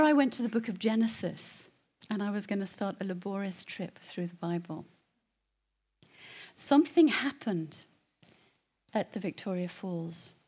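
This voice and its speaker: A middle-aged woman tells her conversion story to a congregation. Her voice is breathy and husky. She swings between near-whispered, hushed passages and loud, emphatic bursts. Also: mid-range voice. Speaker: guest speaker giving testimony. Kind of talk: personal testimony to a congregation.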